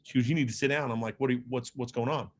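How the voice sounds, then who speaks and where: A man's voice: mid-range voice, steady tone, racing, slight background noise. Casting note: middle-aged man, mid-range voice, earnest motivational storyteller, loose and conversational. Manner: earnest, conversational, frequent fillers and restarts. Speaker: motivational speaker. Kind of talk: personal storytelling speech.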